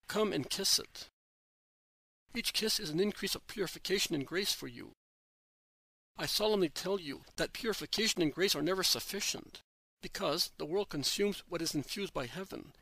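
A man reading as Jesus, gentle and solemn. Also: sits high, no room sound, full character voice, poor audio. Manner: slow, solemn devotional reading.

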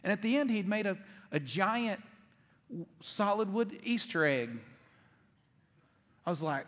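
A man with a high, bright-toned voice preaches in a joking, chatty storytelling way. His voice rings with the long reverb of a large church hall, and he keeps things light and self-mocking. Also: expressive, a little slow, long pauses. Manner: jokey, conversational storytelling. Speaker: pastor. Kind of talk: humorous sermon. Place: church auditorium.

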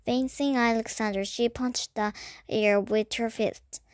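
A woman reading a children's chapter book aloud in a slow, careful way. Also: fairly high pitch, fairly even intonation, a little mellow, no echo. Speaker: storybook reader.

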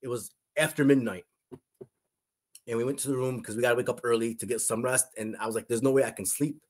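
A middle-aged man with a husky, breathy voice recounts a personal testimony. He speaks earnestly, circling back on his words and restarting sentences as he goes. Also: medium pitch, steady tone, fast talker. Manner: earnest, repeats himself, frequent restarts. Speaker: guest sharing a testimony.

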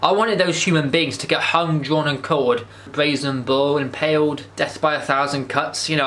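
A man's voice: mid-range voice, a bit bright. A man, rambling enthusiastically through a casual movie review monologue, with frequent restarts and swearing. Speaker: vlogger.

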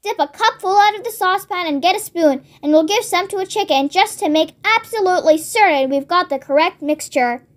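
A child reading a storybook aloud, voicing an excitable, jumpy farmer father who shouts in eager impatience. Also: very high voice, fairly quick, few pauses. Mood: excited.

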